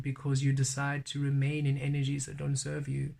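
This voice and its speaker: A man's voice: medium pitch, level tone, moderate pace, vocal fry, hardly any pauses, darkish tone. A man giving an earnest weekly tarot reading, stern and repetitive as he passes on spiritual advice. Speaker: tarot reader.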